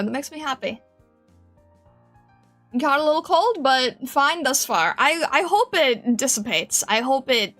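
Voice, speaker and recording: In a slightly high, fairly bright voice, a woman streamer chats casually with viewers, giggling often and rambling through many restarts.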